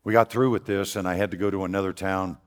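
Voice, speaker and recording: An older man preaching a storytelling sermon in a church, loud, folksy and earnest. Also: sits low, fairly even intonation, fast, clear, resonant tone. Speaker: guest preacher. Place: church sanctuary. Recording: long hall reverb.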